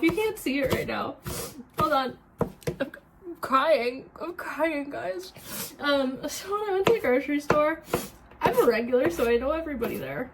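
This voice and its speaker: Woman, high voice, casual cooking vlog, rambling, self-mocking, swearing, kitchen, loud chopping noise. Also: moderate pace. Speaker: streamer and cooking vlogger. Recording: noisy kitchen with chopping sounds.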